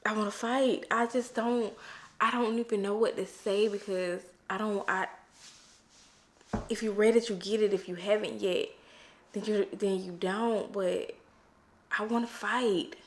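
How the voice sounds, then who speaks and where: A young woman chatting casually in a reading vlog, expressive and exasperated, often stopping and restarting her sentences. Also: medium pitch, a little slow. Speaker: book vlogger.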